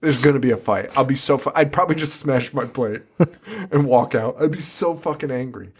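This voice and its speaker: Guy on a horror podcast cussing and cracking up at a dumb movie, normal pitch. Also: fairly quick, breathy edge. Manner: profane, laughing, acts out characters in silly voices. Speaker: podcast host. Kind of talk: casual movie-review chat.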